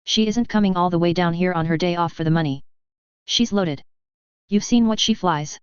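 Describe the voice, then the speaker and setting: A woman's voice: fairly low pitch, normal speed, clear, resonant tone, no room sound, muffled recording, lightly acted. A woman voicing a squat, mocking female coworker who teases her boss. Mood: teasing. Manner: smirking, teasing.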